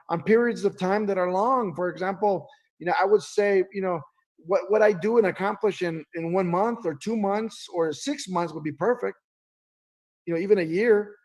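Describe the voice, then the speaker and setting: A man giving a sales training talk, telling animated stories and acting out voices. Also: high voice. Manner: animated storytelling, acts out voices. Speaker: business trainer.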